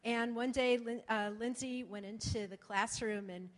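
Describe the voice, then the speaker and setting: A woman, a mother, telling a lively anecdote at a panel discussion in an echoey hall. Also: on the high side, normal speed.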